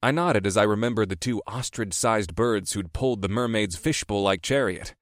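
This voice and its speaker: A man with a fairly low voice reads a first-person novel aloud. His telling is wry and easygoing. The sound is close and dry, with no room around it. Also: normal speed, few pauses, no echo. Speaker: audiobook narrator. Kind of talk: first-person audiobook narration.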